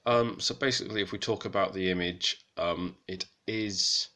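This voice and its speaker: A man giving a casual, hesitant lesson on an old text, with many pauses and self-corrections. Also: low voice, fairly even intonation, bright, forceful tone. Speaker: hobbyist presenter of Old French texts.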